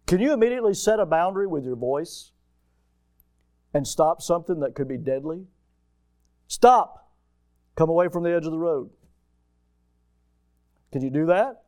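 A man with a high voice delivers a sermon, animated and folksy. He peppers it with rhetorical questions and homespun stories, swinging from loud, sharp cries down to low, quiet asides. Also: moderate pace, pauses often. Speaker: preacher.

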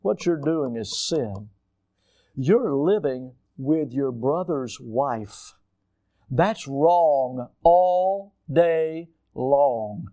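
A man voicing a prophet who rebukes a king, speaking slowly and firmly within a sermon. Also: medium pitch, lively intonation, mellow, no echo, studio quality, pitched below the performer's own voice. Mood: stern.

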